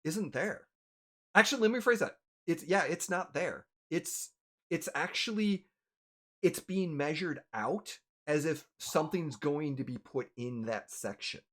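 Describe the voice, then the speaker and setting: A man running a tabletop game, narrating a tavern scene with a lively, swooping pitch. He rambles, stops to correct himself, and picks up again. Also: unhurried. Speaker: game master.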